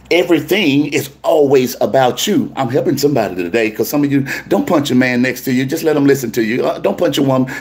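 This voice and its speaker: A man preaching to a congregation, animated and calling out to his listeners. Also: mid-range voice. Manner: animated, call-and-response preaching. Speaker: pastor.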